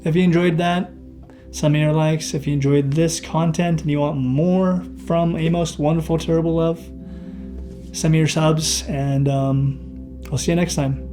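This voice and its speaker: A man with a slightly higher voice reads his own novel aloud in the first person. His throat sounds dry. He reads expressively and acts out the dialogue as he goes. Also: flat delivery, a little slow, music in the background.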